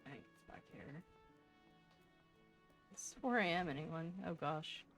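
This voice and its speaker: A woman's voice: sits low, animated, unhurried, fairly bright tone, faint music behind. A young woman chatting casually to her stream while playing a game, laughing and swearing as she goes. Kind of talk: casual live-stream chat.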